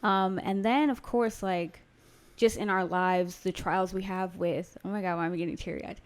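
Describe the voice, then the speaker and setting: A woman in her thirties co-hosting a podcast, talking in a warm, heartfelt, chatty way. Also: fairly low pitch, steady tone, normal speed. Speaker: podcast co-host. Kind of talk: casual chat.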